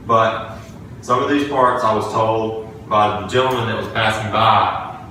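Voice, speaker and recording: A man delivers a sermon, weaving in a childhood story with earnest, halting restarts. His low voice has a bright, forceful edge. He sounds set back from the microphone in a very echoey church room. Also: slight background noise. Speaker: preacher. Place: church sanctuary. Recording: echoey room, distant from the mic.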